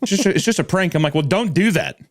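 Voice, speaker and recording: Man, podcast co-host, joking and swearing, lively swinging pitch, dry close sound. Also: quick pace, dry recording. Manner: joking, animated, acts out exaggerated reactions, swears. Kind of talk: casual horror podcast chat.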